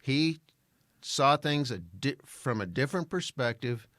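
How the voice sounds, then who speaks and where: A man who works in voice-overs, co-hosting a casual podcast in an easygoing, halting way with many pauses. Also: mid-range voice, animated, a bit bright, no echo. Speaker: podcast co-host, voice-over artist. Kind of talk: casual conversational podcast chat.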